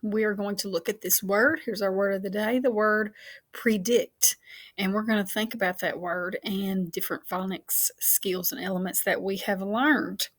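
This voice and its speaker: A woman teacher giving a recorded phonics lesson for children, patient and encouraging, spelling and counting out slowly and laughing off her own slips. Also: medium pitch, steady tone.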